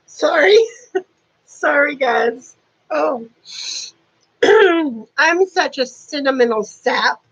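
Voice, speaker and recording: A woman's voice: sits high, lively intonation, drawn-out words, long pauses, dull audio. A woman in her fifties chatting casually to camera at home, dropping dry sarcastic asides. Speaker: beauty vlogger. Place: warm apartment at home.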